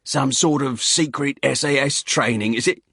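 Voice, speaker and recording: A man voicing a huge, falsely friendly male hiker with a gravelly Cockney accent, in an audiobook. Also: mid-range voice, moderate pace, a bit bright, dry recording, clean studio sound, pitched above the performer's own voice. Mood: needling. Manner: breezy, chummy, needling.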